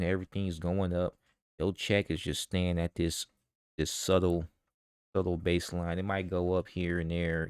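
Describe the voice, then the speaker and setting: A very low-voiced man, ranting in a vlog commentary. He talks in a heated, profane way and keeps firing rhetorical questions. The sound is dry and close, with no room echo. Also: clear, resonant tone. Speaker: vlogger.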